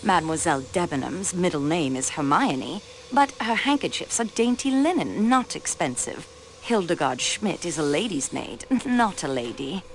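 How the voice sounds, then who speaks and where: The player's investigator in an adventure game, a railway clerk who questions suspects politely but pointedly. Her mid-pitched voice is very lively in its melody, and a faint hiss sits under it. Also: normal speed, rough recording. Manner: polite, probing, with French courtesies. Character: young woman railway clerk acting as detective. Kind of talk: voice acting in a video game.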